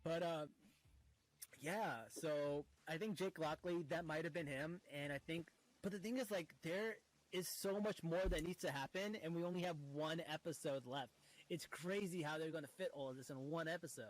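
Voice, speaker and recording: Guy with a kinda high voice rambling thru theories on a podcast, lots of uhs. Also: normal speed, rough recording. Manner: explains theories at length with many fillers. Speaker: podcast co-host. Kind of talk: casual podcast chat.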